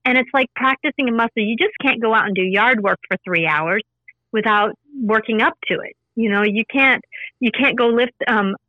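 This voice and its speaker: Earnest woman guest, higher voice, dry close sound, patient teaching manner. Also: normal speed, dry recording, highs cut off. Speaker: spiritual intuitive guest. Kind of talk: casual interview talk.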